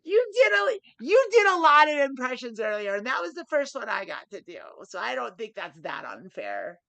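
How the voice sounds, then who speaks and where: Lively, gravelly co-host teasing in chat. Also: high voice, normal speed, no echo. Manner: teasing, animated. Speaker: podcast co-host. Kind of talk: casual chat.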